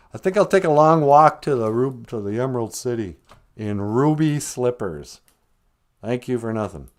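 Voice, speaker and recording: A man voicing a chatty, bewildered young girl in a high girlish voice with a sassy, offhand manner. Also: a little mellow, lightly acted.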